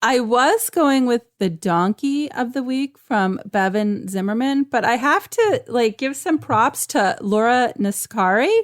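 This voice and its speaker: A woman's voice: fairly high pitch, animated, a little slow, few pauses. A woman on a podcast panel chatting casually, rambling with lots of fillers. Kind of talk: casual chat.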